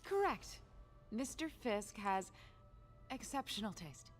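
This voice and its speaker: A formal, guarded auction house host from a video game. Her pitch moves in a lively way as she stays polite and deflects questions. Faint music plays underneath. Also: slow pace. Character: evasive female auction house host, polished and nervous. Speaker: game character.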